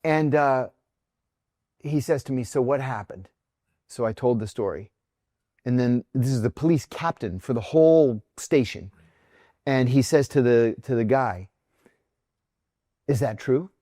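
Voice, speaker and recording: A man's voice: mid-range voice, unhurried, pauses often, mellow, no room sound, clean studio sound. A middle-aged man, a former intelligence officer, telling a personal story in a podcast interview, acting out the voices of the people in it.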